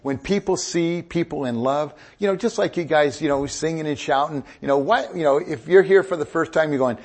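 A middle-aged man preaches with a husky, slightly breathy voice. He swings from quiet asides into loud, emphatic bursts and keeps the room laughing along with him. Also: a little high, brisk. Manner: animated, joking preacher with rising emphatic bursts. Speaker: pastor. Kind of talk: sermon.

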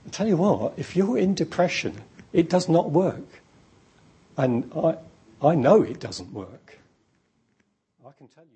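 A preacher delivers a sermon with a very husky, breathy voice. He speaks slowly, and his pitch swings widely as he builds each point through emphatic repetition. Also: very animated, dark tone.

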